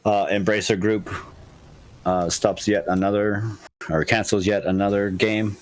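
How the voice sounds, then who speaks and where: A man co-hosting a casual gaming podcast, running through news with many halting fillers and blunt jokes. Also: fairly low pitch, steady tone. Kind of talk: casual chat.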